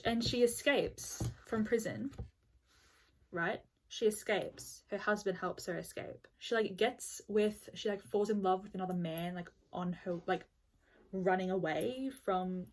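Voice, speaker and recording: A woman's voice: mid-range voice, a little mellow. Blunt, exasperated woman book reviewer. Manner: blunt, exasperated, peppered with "like" and swearing. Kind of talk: casual book review vlog.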